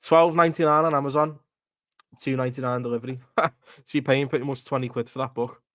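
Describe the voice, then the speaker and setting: A man's voice: mid-range voice, steady tone, fast talker, a bit bright, dry recording. A man hosting a live football watchalong stream, ranting bluntly with swearing and laughter. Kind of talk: casual live stream chat.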